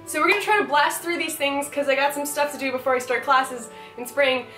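A woman's voice: high voice, fairly quick, fairly bright tone. A young woman chatting casually to camera as she opens fan mail, bubbly and gushing, laughing often. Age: young adult. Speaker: cosplay vlogger opening fan mail. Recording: roomy, distant mic, music behind.

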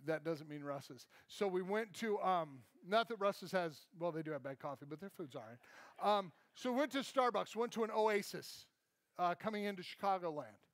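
Man, pastor, animated sermon storytelling, swooping expressive pitch, self-mocking humor. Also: normal speed, dry recording. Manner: animated, self-deprecating, acts out the people in his story. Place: church.

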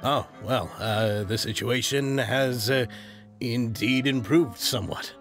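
Man doing a gravelly, halting nervous investor. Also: medium pitch, a bit bright, soft background music. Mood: hesitant. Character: nervous, hesitant male investor. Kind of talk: fan voice dub.

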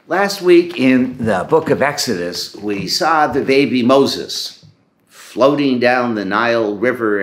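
Sixties male preacher, low voice, earnest measured sermon delivery, roomy church echo. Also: fairly bright tone. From Canada. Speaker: bishop preaching. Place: church sanctuary. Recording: echoey church.

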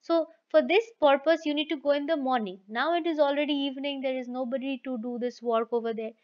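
A woman's voice: high voice, steady tone, fairly quick, darkish tone, lightly acted. Brief: woman voicing a patient, firm working man, dull recording. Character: steady, kind-hearted village wheelwright, adult man.

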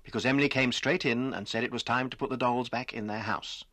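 A man narrating a children's story in a gentle storytelling manner, acting out the characters' lines. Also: medium pitch, fairly even intonation, quick pace, no echo.

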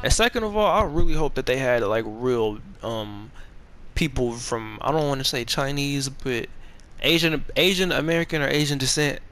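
A man's voice: medium pitch, normal speed, fairly bright tone. A man giving casual gameplay commentary, rambling along in profane, slangy, laid-back talk. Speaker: gamer streaming a playthrough.

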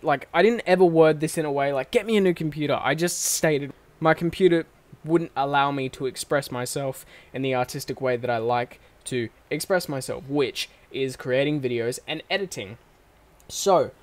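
A man's voice: on the high side, clean tone, dry recording. A young man, talking casually to his channel from his bedroom desk setup. He rambles, swears freely and corrects himself as he goes. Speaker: channel host. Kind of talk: casual vlog monologue. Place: bedroom recording setup at home. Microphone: microphone on a stand at his desk.

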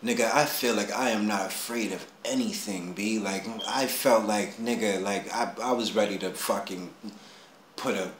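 A man telling a personal story in casual street slang, animated, dropping low and then rising to excited shouts. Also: normal speed. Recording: roomy echo, faint background hum.

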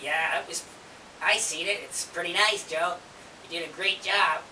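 A woman's voice: lowish voice, steady tone, moderate pace, bright, forceful tone. A woman chatting casually as host of a homemade puppet show and talking to a viewer, recorded from a distance in an echoey room with faint hiss. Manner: chatty, friendly, addresses the viewer.

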